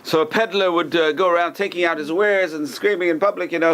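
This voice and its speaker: A man's voice: on the high side, fairly even intonation, fast talker, fairly bright tone, a little hiss or hum. A man teaching an informal Torah class as a rabbi, talking conversationally and acting out gossipy lines with joking asides.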